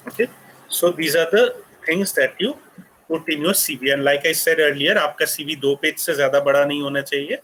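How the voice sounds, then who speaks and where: A quick man with an Indian English accent walks students through study-abroad steps, slipping in fillers as he goes. His voice sits a little high and sounds bright. The video-call mic picks up a faint hiss of background noise. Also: low-quality recording. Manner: explanatory, with frequent fillers. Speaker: guest speaker on study abroad. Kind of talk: webinar talk, English mixed with Hindi. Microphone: computer mic on a video call.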